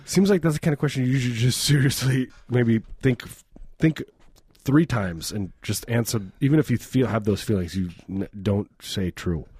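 A man's voice: medium pitch, normal speed, warm tone, husky. A man co-hosting a radio show, bantering loosely and joking at his own expense. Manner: self-mocking, jokey, mimics voices, frequent laughs.

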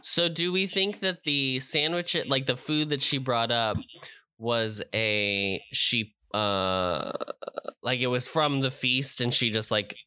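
A man's voice: medium pitch, slow, pushed and bright, clean tone, no room sound. A man co-hosting a podcast in casual chat, musing and thinking aloud. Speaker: podcast co-host.

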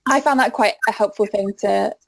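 A woman's voice: mid-range voice, fairly quick, gravelly, low-quality recording. A woman hosting an interview, thoughtful and conversational, using tag questions. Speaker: interviewer host.

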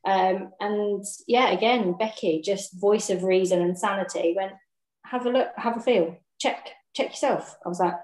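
A woman's voice: medium pitch, normal speed. A woman telling her birth story in casual chat, laughing often and acting out what people said. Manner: lively, laughs often, acts out dialogue. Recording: roomy echo.

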